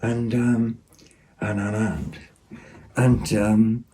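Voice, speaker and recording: A man's voice: on the low side, level tone, drawn-out words, dark tone, husky. A man giving a rambling, casual show-and-tell of second-hand finds at home, with lots of ums and asides. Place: home, at a table.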